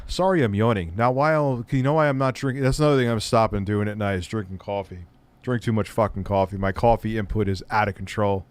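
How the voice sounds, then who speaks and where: A man's voice: fairly low pitch, fast, clear, resonant tone, no room sound. A man hosting a casual live stream, rambling and swearing as he talks to his chat. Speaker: streamer reacting to videos.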